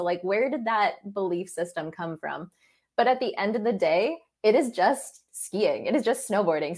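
A young woman chatting casually as a podcast host, talking freely with many fillers and laughs. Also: medium pitch. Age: young adult. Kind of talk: casual chat.

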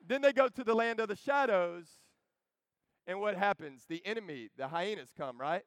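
Brief: man in his thirties, lively camp sermon, high voice, dry close sound. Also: normal speed, dry recording. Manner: joking, animated, calls to the crowd. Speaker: preacher.

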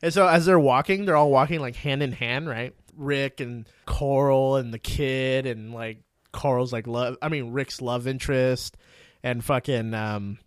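A man hosting a podcast, telling a story in casual chat, cursing often and acting out quotes with loud yelps. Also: medium pitch, unhurried, clear, resonant tone, no echo, clean studio sound. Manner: profane, excitable storytelling recap. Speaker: podcast host.

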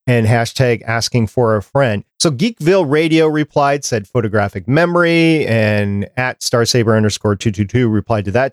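A man's voice: medium pitch, normal speed, few pauses, dry recording, clean studio sound. A man hosting a podcast, chatting casually and reading listener feedback aloud. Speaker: podcast host.

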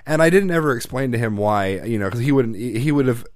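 A man in casual chat, telling a personal story with lots of restarts and swearing, getting loud and animated when he quotes his dad. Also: medium pitch, quick pace, clear, resonant tone, dry recording, studio quality.

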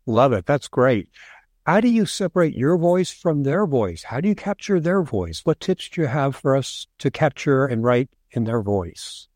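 A man's voice: medium pitch, sing-song, moderate pace, a little mellow, no echo. Man, podcast host, eager questions, enthusiastic, dry sound. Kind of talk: casual interview.

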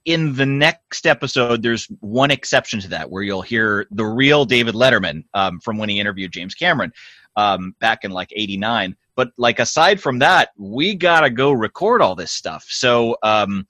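Man with a bright, dry voice. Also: on the low side, animated, moderate pace, dry recording. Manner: rambling with many restarts and quoted asides. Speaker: podcast host. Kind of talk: casual behind-the-scenes chat.

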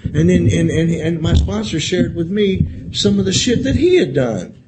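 A man's voice: a little high, expressive, normal speed. A man speaking at a convention and sharing his recovery story candidly. He rambles, repeats himself, swears often and keeps saying "man.". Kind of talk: candid recovery share, profane and emotional. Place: convention hall. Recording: live talk with loud room noise.

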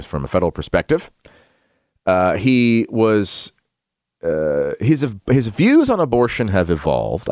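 Low-voiced guy hosting a talk show, rambly, lots of uhs, reads a book out loud with a dead dry sound. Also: no echo. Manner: rambling with many fillers and self-corrections. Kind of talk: casual monologue and reading a book aloud.

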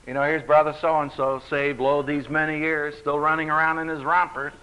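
A man's voice: on the high side, normal speed, smooth. A man teaching a Bible study, speaking emphatically with a dry humor, on a dull lo-fi recording. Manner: emphatic, animated, dryly humorous.

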